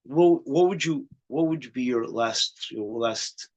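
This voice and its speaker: A man's voice: mid-range voice, takes it slowly, a little mellow. A man hosting a casual conversation who steers it toward a close with final questions. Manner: wraps up, asks closing questions. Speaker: host. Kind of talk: casual chat.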